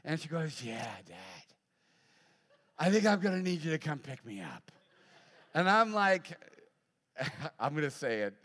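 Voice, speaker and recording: Middle-aged male pastor, lively sermon storytelling, slightly high voice, long church reverb. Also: moderate pace, pauses often. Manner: animated storyteller, acts out voices, laughs often. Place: large church hall.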